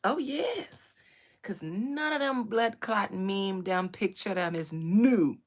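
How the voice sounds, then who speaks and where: A woman's voice: medium pitch, takes it slowly. A woman hosting a livestream, giving chatty commentary and often dropping into whispered asides. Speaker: livestream host. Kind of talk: casual commentary.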